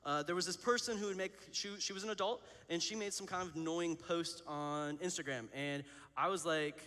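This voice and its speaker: A man in his thirties preaches to students in a rapid, rambling stream. His voice sits a little high, and he keeps laughing at himself between the fillers. His words ring out through a long hall reverb. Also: bright, forceful tone. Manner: candid, self-deprecating, chatty with many fillers. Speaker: student pastor. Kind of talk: youth sermon with personal storytelling.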